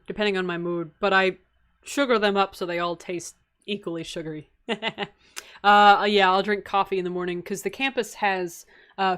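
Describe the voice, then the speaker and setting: A woman's voice: medium pitch, a bit bright. Giggly, chatty young woman streamer. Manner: chatty, giggly, laughs often between answers; rambling, with many fillers and asides. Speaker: streamer answering viewer questions. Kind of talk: casual live-stream chat.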